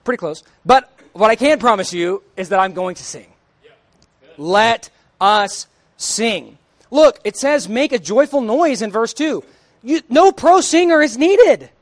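Young man, song leader preaching, high voice, dry close sound, emphatic and conversational. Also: animated, normal speed, dry recording. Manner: emphatic, rising to near-shouts; conversational, jokes with the congregation. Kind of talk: sermon. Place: church sanctuary.

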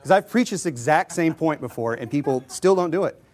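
A middle-aged male pastor with a slightly high voice delivers a sermon in a relaxed, conversational manner. He acts out little doorstep exchanges and pokes fun at himself. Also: fairly quick. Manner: conversational preaching with acted-out doorstep dialogue; self-deprecating humor, chuckles often.

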